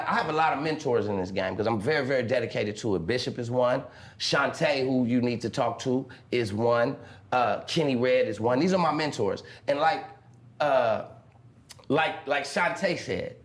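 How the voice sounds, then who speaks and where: A man answering interview questions in a loose, casual way with many fillers. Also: medium pitch.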